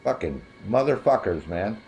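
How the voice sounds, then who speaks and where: Over soft background music, a man in his sixties livestreams a game and launches into a profane, angry rant against rivals who threw him out of their chat, mimicking them mockingly. His lowish, darkish voice runs sing-song at a moderate pace.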